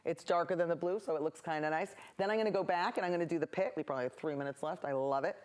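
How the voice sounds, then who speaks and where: A woman's voice: lowish voice, racing. A woman hosting a local TV painting show, chatting in rambling, cheerful tangents as she paints. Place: local access TV studio.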